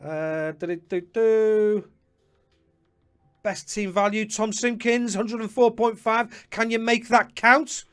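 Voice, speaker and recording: A man hosting a live fantasy football stream, chatting to viewers by name with quick apologetic asides. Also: very high voice, little pitch movement, bright, forceful tone, faint music behind. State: slightly out of breath. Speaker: host.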